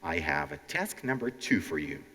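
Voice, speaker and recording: A very deep, sing-song voice at a moderate pace comes from a man with a Ukrainian accent. He is the teacher and host of a stand-up style language lesson, addressing a live crowd directly and mimicking nervous learners, recorded with hall reverb.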